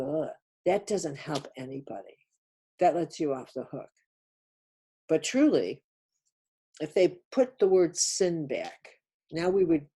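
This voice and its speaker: A woman's voice: low voice, warm tone, slightly rough. An older woman giving a spiritual teaching talk on a webinar, emphatic and insistent, repeating key words. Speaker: speaker on a webinar.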